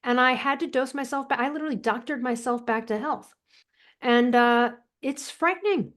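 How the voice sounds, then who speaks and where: A woman's voice: high voice, normal speed. A woman from the United States, a guest author on a podcast interview, telling stories emphatically and acting out quotes. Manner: emphatic, animated storyteller who acts out quotes. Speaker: guest author and thyroid coach.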